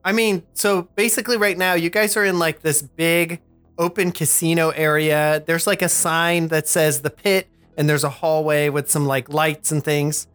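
A man's voice: a little high, steady tone, moderate pace, fairly bright tone, smooth, dry recording, soft background music. Guy running a tabletop game, rambly, lots of like and you know. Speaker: game master.

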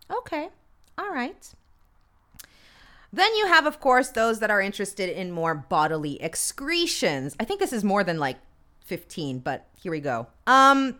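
A woman in her thirties talks through a list in a candid, chatty way, dropping wry comments and the odd curse. Her voice is bright and sharp, smooth and crisp, and her pitch rises and falls a great deal. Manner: candid, chatty, swears freely, comments wryly as she reads. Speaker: podcast host. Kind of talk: casual chat reading from a list.

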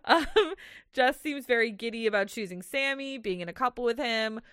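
A woman's voice: a little high, normal speed, a bit bright, smooth, dry recording, clean studio sound. A young woman co-hosting a podcast, recapping scenes in chatty run-on sentences and giggling often. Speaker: podcast co-host. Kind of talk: casual recap chat.

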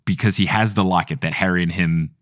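A man's voice: deep voice, steady tone, fast talker, fairly bright tone, no echo, studio quality. A man hosting a podcast, chatting casually and explaining a plot at length, laughing often. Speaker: podcast host.

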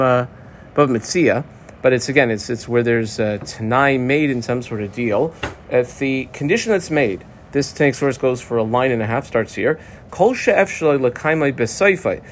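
A man's voice: medium pitch, measured pace, slight background noise. A man teaching a Talmud lesson in a casual, chatty way, explaining and translating terms with many fillers and restarts.

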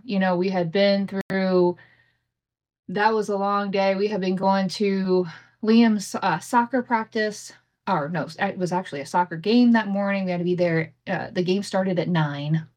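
A woman's voice: mid-range voice, moderate pace, darkish tone. A woman in her thirties hosting her own podcast, telling a family story in a candid, casual way, swearing freely and laughing often, recorded on a home setup with imperfect audio. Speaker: podcast host.

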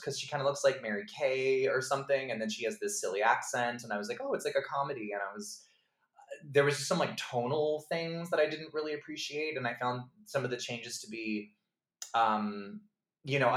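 A man's voice: mid-range voice, normal speed, roomy sound. A man co-hosting a podcast, talking casually about films, chatty with lots of "like" and "um". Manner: chatty, frequent "like" and "um", animated mock voices. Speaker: podcast co-host. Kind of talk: casual film discussion.

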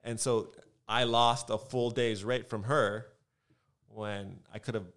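Male podcast guest from Southern California, slightly low voice, lively chatty delivery, studio mic. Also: slow pace. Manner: animated storyteller, many fillers. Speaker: guest photographer. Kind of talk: casual podcast chat.

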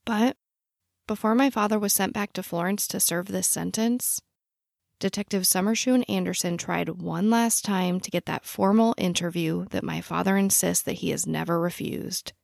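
A woman narrating a true-crime story in a measured, personal scripted style. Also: on the low side, fairly even intonation, creaky, darkish tone, dry recording, clean studio sound.

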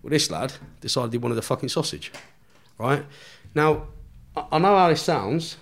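A man's voice: fairly high pitch, lively intonation, moderate pace, vocal fry. A man, a podcast guest telling a story in casual chat, swearing constantly and laughing along with his own tale.

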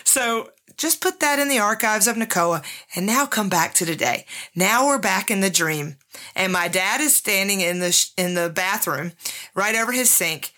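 A woman's voice: mid-range voice, lively intonation, normal speed, sharp tone. A middle-aged woman hosting a podcast, telling a personal story in a candid, emotional way and speaking directly to her listeners. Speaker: podcast host.

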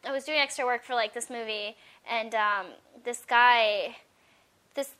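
Bright, high-voiced woman telling stories. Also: a little slow, clean tone. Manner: animated, acts out quoted voices. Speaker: guest actress. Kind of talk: casual interview storytelling.

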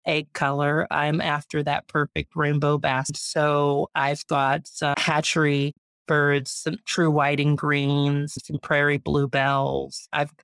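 A woman in her thirties, a guest, chatting proudly and warmly about her homestead and her family. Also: low voice, completely flat delivery, slow, clear, resonant tone, dry recording, studio quality. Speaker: guest, urban homesteader and mom. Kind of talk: casual interview chat.

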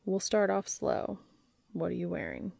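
A woman voicing a brash, eager adult man, speaking in a hushed, urgent way in an amateur audiobook reading. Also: mid-range voice, very animated, unhurried, gravelly, no room sound, full character voice.

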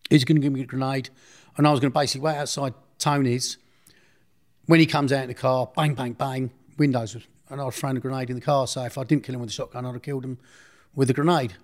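A man's voice: medium pitch, fairly even intonation, fast. A middle-aged man, telling his story in an interview in a blunt, rambling way, often correcting himself. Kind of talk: casual storytelling.

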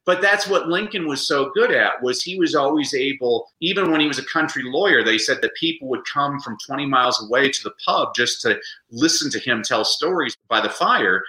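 A man, the guest on a podcast interview, telling lively anecdotes and acting out the quotes. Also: medium pitch, fairly quick, echoey room, poor audio. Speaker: guest, reading advocate. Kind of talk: animated storytelling in a podcast interview.

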